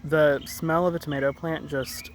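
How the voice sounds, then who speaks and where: A man's voice: on the high side, flat delivery, normal speed. A man giving a casual, rambling garden tour vlog, often correcting himself mid-sentence. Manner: rambling, self-correcting, chatty. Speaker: gardening vlogger. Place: outdoor garden. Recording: outdoor noise, sometimes far from mic. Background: birds and rural outdoor ambience.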